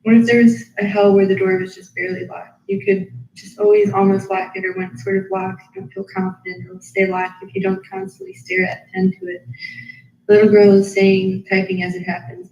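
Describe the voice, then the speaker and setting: A woman's voice: medium pitch, brisk, darkish tone. A tired woman reading her own diary aloud in an apartment, captured by someone else's livestream. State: tired after a long reading. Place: apartment room. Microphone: livestream captured by another person's device. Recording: roomy, slightly dull livestream audio.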